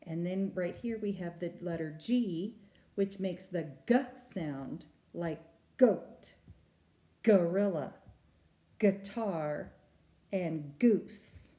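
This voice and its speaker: A woman's voice: on the low side, drawn-out words, mellow. A woman teacher leading a phonics lesson for young children, patiently sounding out letters and words. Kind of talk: early-learning phonics lesson.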